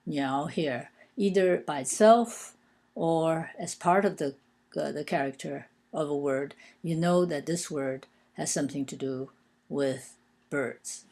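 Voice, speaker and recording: A woman with a low, gravelly voice that has a creaky edge and a slightly mellow quality teaches a language. She speaks slowly, patiently and deliberately, explaining characters one at a time and often pausing for filler sounds.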